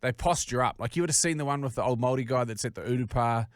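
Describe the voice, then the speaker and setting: A man with a New Zealand accent, co-hosting a podcast and telling sweary, animated stories in casual chat. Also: mid-range voice, rapid-fire, no echo, studio quality. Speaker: podcast co-host.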